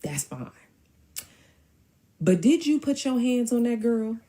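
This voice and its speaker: A woman's voice: fairly high pitch, big pitch swings, takes it slowly, mellow, voice pushed up. A woman voicing her middle-aged mother, who presses an adult man with firm, repeated questions. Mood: stern.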